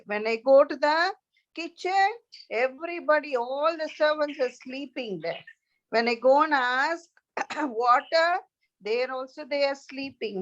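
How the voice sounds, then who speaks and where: A grumpy, hungry storybook king, put on by a woman reader, scolding his court in a raised, slightly high voice. The sound is dull and lo-fi. He complains at an unhurried pace. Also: a bit bright. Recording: dull lo-fi recording.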